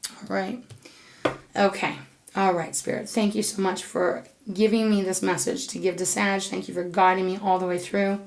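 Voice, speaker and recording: A woman doing a tarot reading for her viewers gets emotional and affectionate, gushing and repeating her words. Her mid-range voice is gravelly and level, at a moderate pace.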